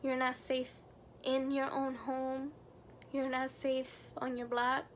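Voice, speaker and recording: Young woman, vlogger, high voice, earnest somber storytelling, casual fillers. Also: monotone, slow pace, a little hiss or hum. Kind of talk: storytime narration.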